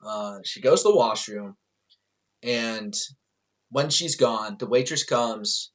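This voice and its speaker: A young vlogger speaks directly into his camera, telling a meandering story in a casual video. His voice sits at medium pitch and moves slowly, yet his delivery is lively and loose, packed with filler words, cursing and sudden laughter.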